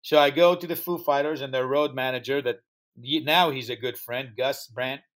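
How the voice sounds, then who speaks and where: A man who founded a music festival tells an interview story in animated fashion, acting out quoted dialogue in slightly non-native English. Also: medium pitch, moderate pace.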